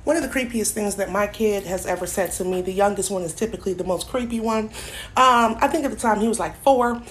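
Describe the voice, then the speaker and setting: A woman's voice: mid-range voice, fast, a little hiss or hum. A mother telling a creepy story about her young son in a casual, conversational, slightly wry way.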